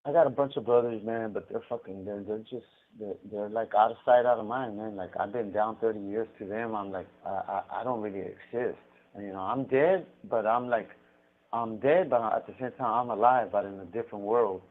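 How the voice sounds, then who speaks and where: Man, low voice, profane rambling talk, tinny prison phone line. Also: fairly quick. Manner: profane, rambling, frequent restarts. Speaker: inmate on a prison phone call. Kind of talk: casual storytelling on a phone call. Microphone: prison payphone handset.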